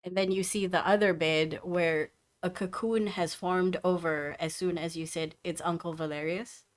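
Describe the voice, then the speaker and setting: A woman's voice: on the low side, fairly even intonation, moderate pace. A woman narrating as game master of a tabletop game, casual and full of restarts.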